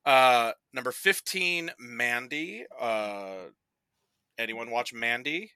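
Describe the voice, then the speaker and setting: Bright-voiced man rambling animatedly. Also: mid-range voice, clear, resonant tone, dry recording. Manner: animated and rambling, heavy use of "like", quoting people in quick put-on voices. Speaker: podcast guest presenting a movie bracket. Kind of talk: casual podcast chat.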